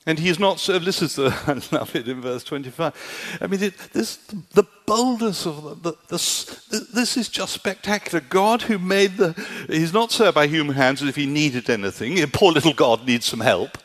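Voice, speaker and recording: A man's voice: on the high side, lively intonation, moderate pace, few pauses, a bit bright. A man preaching a sermon in an emphatic style, often checking in with his listeners by asking if they see his point. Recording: long hall reverb.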